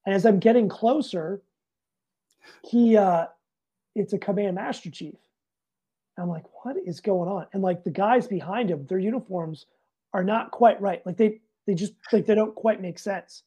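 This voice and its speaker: A man's voice: high-pitched, normal speed, husky. A man, a Navy master chief guest on a podcast, telling a story casually and acting out both sides of the dialogue with some swearing. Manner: animated, profane, acts out both sides of dialogue. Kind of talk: casual anecdote in an interview.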